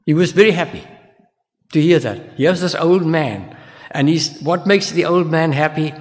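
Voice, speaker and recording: An older male minister delivers an earnest sermon, asking the congregation question after question. His voice sits a bit higher than most men's. A long reverb trails every phrase. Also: normal speed.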